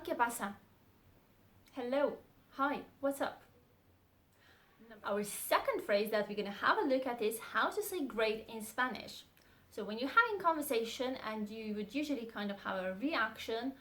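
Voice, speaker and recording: A young adult woman teaching a language lesson, saying model phrases slowly and repeating them. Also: high-pitched.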